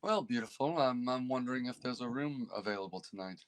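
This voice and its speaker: A man's voice: mid-range voice, a little fast. A man role-playing as a player in a tabletop game, cheeky and playful.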